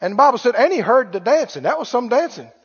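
Preacher, folksy storyteller, very high animated voice, echoey hall, dull lo-fi recording. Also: male voice, fast talker, breathy edge. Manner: folksy storytelling, acts out dialogue, repeats phrases. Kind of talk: sermon.

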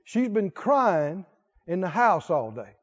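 A man's voice: high-pitched, big pitch swings, slow pace. A male preacher delivering a sermon, firing rhetorical questions and repeating words for emphasis, on a dull lo-fi recording.

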